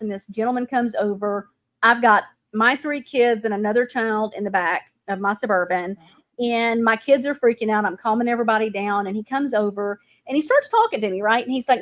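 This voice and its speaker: A woman host, telling stories in a casual chat. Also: on the high side. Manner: animated storytelling.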